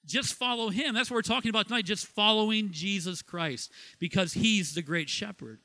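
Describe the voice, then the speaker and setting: A middle-aged man from Ohio preaching a sermon as pastor, lively, asking questions and laughing at himself. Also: sits high, moderate pace. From Ohio, USA.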